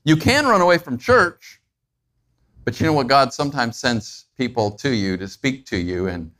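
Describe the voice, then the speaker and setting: Conversational male preacher. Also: moderate pace. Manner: conversational, asks listeners questions; acts out everyday moments with animated pitch jumps. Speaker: pastor. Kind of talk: sermon.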